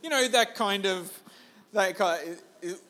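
A man preaching a sermon in a relaxed, conversational way, joking at his own expense and restarting his sentences. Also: high voice, slow pace. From Australia. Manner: conversational, self-deprecating, with restarts. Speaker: pastor.

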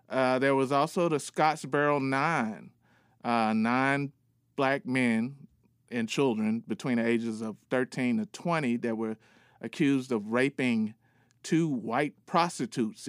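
A man's voice: mid-range voice, clean tone, dry recording, clean studio sound. Earnest man with a New York accent. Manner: relaxed, earnest, with many fillers. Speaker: podcast co-host giving book recommendations. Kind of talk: casual podcast segment.

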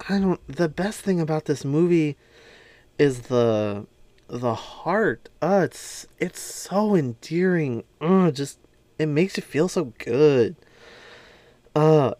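A man chats about a film in a relaxed, unhurried way, his voice smooth and clear. He gushes and fills his talk with ums and likes. The recording is dry, with no room sound. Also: mid-range voice, no room sound. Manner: gushing, chatty, lots of fillers. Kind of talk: casual movie recap.

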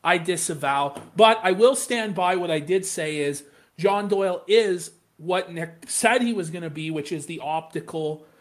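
A man's voice: high voice, unhurried. Man giving blunt, profane commentary. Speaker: podcast co-host. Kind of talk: comedic podcast banter.

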